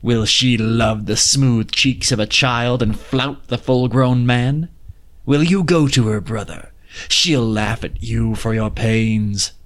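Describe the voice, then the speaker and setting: A man's voice: medium pitch, fairly even intonation, takes it slowly, close to an everyday voice. A proud young autumn god, spurned in love and bitter about it, as a male storyteller puts him on. He speaks with mournful weight and then turns challenging, in a plainly read storybook voice. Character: lovesick young male god, grieving and boastful.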